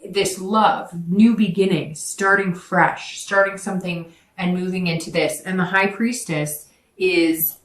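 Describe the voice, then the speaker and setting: A woman's voice: lowish voice, fairly even intonation, unhurried, far from the mic. A woman giving a casual tarot reading to her viewers, rambling and correcting herself as she talks straight to them. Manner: rambling, self-correcting, speaks directly to viewers. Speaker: tarot reader. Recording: echoey room, voice away from the mic.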